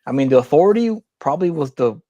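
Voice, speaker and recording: A man's voice: fairly high pitch, expressive, fast talker, dark tone, no echo, lo-fi sound. A man co-hosting a casual podcast, talking in long rambling opinionated runs with many restarts. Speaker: podcast co-host. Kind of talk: casual chat.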